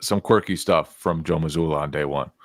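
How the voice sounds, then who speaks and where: A man co-hosting a casual sports podcast, giving measured, thoughtful analysis. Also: extremely low pitch. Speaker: podcast co-host and beat reporter.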